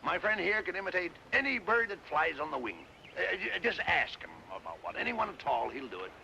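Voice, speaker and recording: A bossy, fast-talking straight man coaxes his partner along in an old TV comedy. His voice is bright and gravelly, rising and falling a lot. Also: fairly high pitch, very animated, a little hiss or hum, heavily acted, poor audio. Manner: brisk, coaxing, takes charge. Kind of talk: 1950s TV slapstick comedy.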